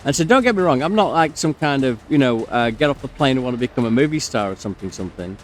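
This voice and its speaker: Man, mid-pitched, rambling storyteller narrating over gameplay, fillers and asides. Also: expressive, fast, faint music behind. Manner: rambling, many fillers, breaks off to comment on the game. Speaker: gamer telling a story while playing.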